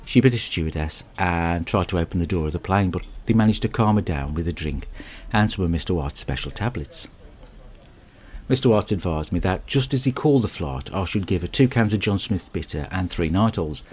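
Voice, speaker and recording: A man performs a comic monologue. He rambles in a crude, deadpan way. A faint background hiss sits under his voice. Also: sits low, fairly quick.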